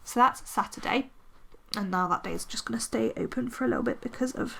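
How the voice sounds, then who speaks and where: A woman's voice: a little high, fast talker, gravelly, a bit bright, a little hiss or hum. A woman chatting casually as she decorates her planner, rambling and poking fun at herself. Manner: chatty, self-deprecating, rambling with fillers. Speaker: planner vlogger. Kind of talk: casual chatty narration while crafting.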